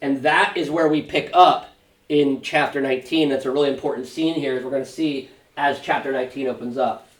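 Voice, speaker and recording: A man's voice: medium pitch, steady tone, fairly quick. A man, a pastor, teaching a Sunday school Bible study in a conversational way, with rhetorical questions and fillers. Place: church classroom. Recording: roomy church room, mic at a distance.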